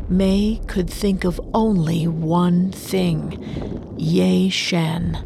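A woman narrating a story in a slow, dramatic storytelling manner. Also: fairly low pitch, background noise.

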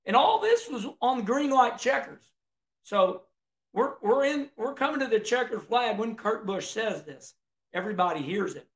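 A man's voice: sits high, big pitch swings, normal speed, gravelly. A middle-aged man, chatting casually about a race in a folksy, rambling way, often restarting his words. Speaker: racing commentator. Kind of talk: casual video commentary.

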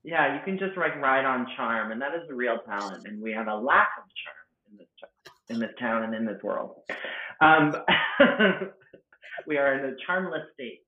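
A man's voice: mid-range voice, expressive, normal speed. A man from Canada, a guest comedian, chatting casually and animatedly, acting out quoted voices and swearing freely. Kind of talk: casual podcast chat. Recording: tinny phone-like sound in an echoey room.

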